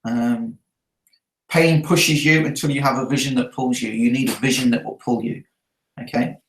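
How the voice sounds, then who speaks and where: A man's voice: medium pitch, fairly even intonation, normal speed, roomy sound, poor audio. A man who trains network marketers, talking through his event notes earnestly and often checking in with his listeners. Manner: earnest, checks in with a frequent tag question.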